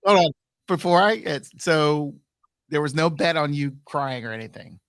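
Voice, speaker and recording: A man's voice: fairly high pitch, lively intonation, moderate pace, a bit bright, no echo, clean studio sound. A man hosting a radio talk show, laid-back and brief in his replies.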